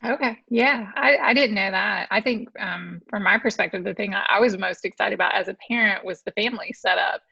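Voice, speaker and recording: A woman's voice: mid-range voice, a little fast, vocal fry, few pauses, sharp tone, slightly rough, lo-fi sound. A woman interviewing a colleague in a casual chat, asking curious, friendly questions.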